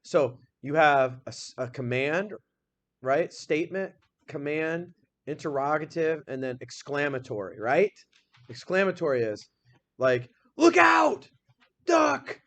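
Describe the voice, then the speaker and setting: A man whose voice sits on the high side teaches grammar in a classroom, energetic and upbeat. He rapidly quizzes the class, then slows down to read example sentences aloud.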